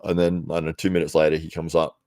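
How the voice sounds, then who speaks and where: A man casually commentating on a live stream from his computer, chatty and quick to laugh as he rambles between tasks. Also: a bass voice, little pitch movement, darkish tone, dry recording, studio quality.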